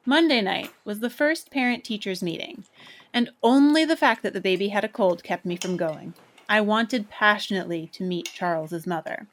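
A woman's voice: mid-range voice, a bit bright. Woman reading a short story aloud. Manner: measured, clear storytelling. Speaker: narrator. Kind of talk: scripted narration of a short story.

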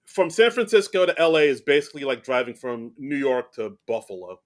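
A man's voice: medium pitch, fairly quick. A man co-hosting a casual film review podcast, recapping the plot in a rambling way with many fillers. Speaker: podcast co-host.

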